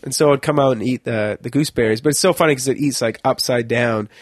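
A man's voice: medium pitch, quick pace, no echo, clean studio sound. A young man chatting casually on a podcast, telling a long rambling story, laughing mid-sentence and swearing now and then.

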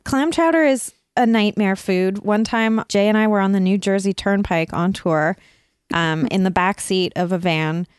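A woman's voice: mid-range voice, moderate pace, clear, resonant tone, no echo, studio quality. Chatty laughing woman podcast host. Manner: laughs often, animated storytelling. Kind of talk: casual chat.

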